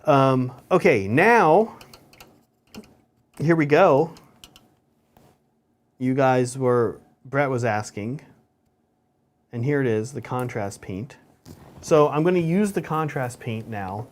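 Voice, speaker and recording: A man's voice: mid-range voice, animated, slow pace, long pauses. A man co-hosting a hobby show, chatting casually and explaining each step as he paints miniatures. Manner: chatty, explains steps as he works.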